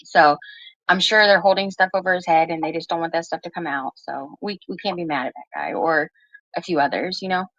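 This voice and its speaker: A woman with a fairly low voice chats on a livestream as a guest, laid-back and gossipy, swearing freely. Her sound is dry and dull, with lo-fi call audio. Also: lively intonation, brisk, fairly bright tone, no echo. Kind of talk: casual livestream chat.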